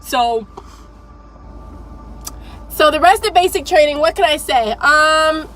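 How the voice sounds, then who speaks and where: Young woman in her 20s vlogging, high voice, chatty, curses and laughs a lot. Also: slow pace, faint music behind, rough recording. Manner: animated, profane, laughs often. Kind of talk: casual storytelling to camera.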